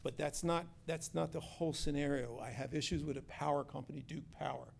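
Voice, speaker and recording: A man's voice: fairly high pitch, steady tone, a little fast, gravelly. A man giving an informal community update as director of construction projects, joking and chatty, often restarting his sentences. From Philadelphia area.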